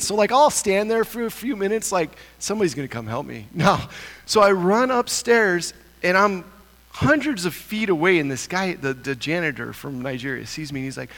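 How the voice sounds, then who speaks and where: A man giving an animated church talk, telling a self-mocking story and climbing higher in pitch when excited. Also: normal speed, long reverb tail. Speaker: church speaker.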